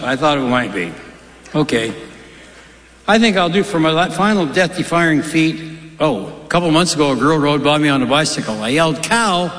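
A man's voice: on the high side, fairly bright tone. A man doing stand-up comedy in a large hall, delivering dry one-liners and long joke stories. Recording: live stage recording in echoey hall.

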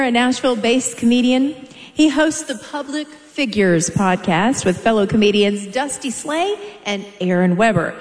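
Upbeat woman announcer in a big hall. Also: on the high side. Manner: upbeat, emphatic presenter delivery. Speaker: show announcer. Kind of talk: live event announcing with sponsor read. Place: large theater. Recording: long hall reverb from a big venue.

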